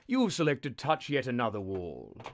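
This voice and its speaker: A man's voice: mid-range voice, huge pitch swings, moderate pace, gravelly. A man hosting a live text adventure game, narrating in a sardonic, mock-menacing, sweary way.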